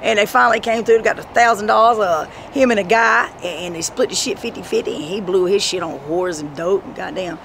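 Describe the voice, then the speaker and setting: A woman telling rambling, profane stories in a street interview, breaking into shouts. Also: mid-range voice, a little fast, creaky, few pauses. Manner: profane, animated storytelling with sudden shouts. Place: outdoors on a city street. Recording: street noise and passing traffic.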